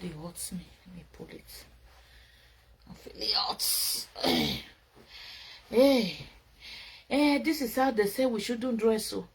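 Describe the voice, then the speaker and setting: A tired woman with a Nigerian accent, chatting casually late at night to her viewers while drinking wine. She rambles, swinging between loud remarks and drowsy murmurs. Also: medium pitch, a little hiss or hum. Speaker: vlogger.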